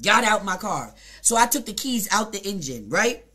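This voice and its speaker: A woman on a live stream, swearing hard at a commenter between bits of a long story. Her voice is bright and sharp, and she talks with heat and attitude. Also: mid-range voice, sing-song, moderate pace. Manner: profane, heated, confrontational with chat. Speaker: Twitch streamer.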